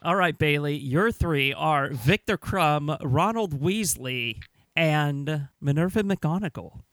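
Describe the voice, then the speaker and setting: A young man runs a podcast game in brisk, casual chat. His voice rises and falls in a lively way and sits a touch high. The sound is dry and close. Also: no echo. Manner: animated, quick, laughing. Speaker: podcast host.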